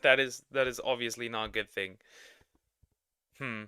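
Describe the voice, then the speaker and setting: A man's voice: mid-range voice, fairly even intonation, moderate pace, pushed and bright, clean tone, dry recording. A man streaming a video reaction, tossing in dry, jokey asides. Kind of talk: casual reaction commentary.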